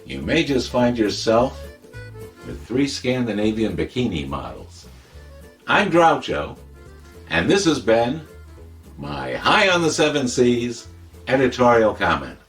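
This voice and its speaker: A man playing a boastful, wisecracking older comic who tells tall tales in a deadpan, rambling way. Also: mid-range voice, unhurried, pauses often, faint music behind. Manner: deadpan, rambling, self-contradicting. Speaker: comic editorial presenter. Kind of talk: comedic monologue.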